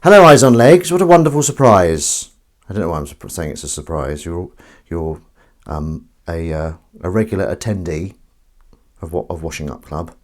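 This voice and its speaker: A man's voice: low voice, expressive, normal speed. A man hosting a casual live stream from his kitchen, rambling, cutting himself off mid-sentence and swearing casually. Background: faint running water and sink sounds.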